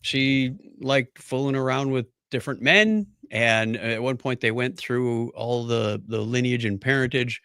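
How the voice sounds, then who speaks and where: This co-host's medium-pitched voice sounds pushed and bright, clear and resonant, moving a little slowly with hardly any pauses. In casual podcast chat he tells a rambling story and laughs often. The recording is dry, with clean studio sound.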